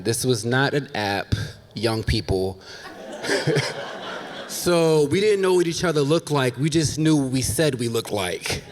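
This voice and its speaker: A man in his thirties telling a funny true story on stage, candid, with laughing asides to the audience. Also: medium pitch. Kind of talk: live personal storytelling on stage. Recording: long reverb of a stage hall.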